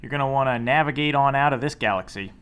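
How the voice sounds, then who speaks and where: A man's voice: medium pitch, fast talker, a bit bright, smooth. A man co-hosting a casual podcast chat, teasing his partner and laughing along. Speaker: podcast co-host.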